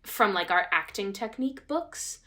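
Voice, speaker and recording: A woman's voice: medium pitch, expressive, moderate pace, bright, forceful tone. A woman co-hosting a podcast in casual chat, eager and full of fits, starts and filler words. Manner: enthusiastic, talks in fits and starts with many likes. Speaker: podcast co-host.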